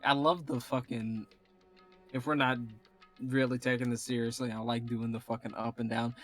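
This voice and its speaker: A male streamer chatting casually and reading game characters aloud, animated and quick to laugh and swear. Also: medium pitch, faint music behind. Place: home streaming setup.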